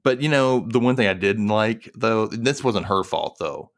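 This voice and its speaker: A man in casual chat about a book, talking quickly and animatedly and acting out the characters' lines as he goes. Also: on the low side, expressive. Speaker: book discussion co-host.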